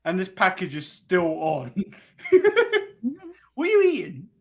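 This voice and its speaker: A man's voice: high voice, wildly swooping pitch, a little slow. A man co-hosting a casual live stream, teasing his partner and laughing often. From England. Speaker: co-host.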